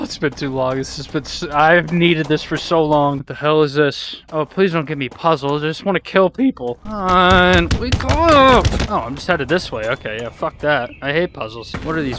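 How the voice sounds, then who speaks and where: A man with a high, bright voice reacts loudly to his VR game. He swears and trash-talks the enemies. Steady game noise runs under his voice. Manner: excitable, profane trash talk at game enemies. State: out of breath at times. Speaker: gaming video host. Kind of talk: VR gameplay commentary.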